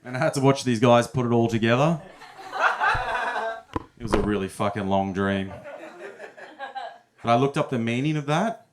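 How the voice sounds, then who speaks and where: A man's voice: medium pitch, moderate pace, long pauses, very noisy. A young man telling stories in a stand-up set at a comedy club, often chuckling at his own punchlines.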